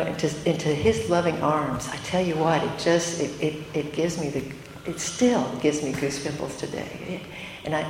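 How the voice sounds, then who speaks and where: Older lady sharing her testimony, earnest, kinda emotional, low voice, roomy echo. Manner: earnest and emotional, with self-deprecating asides. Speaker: speaker giving a testimony. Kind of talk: testimony talk to a women's gathering. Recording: echoey hall with faint room noise.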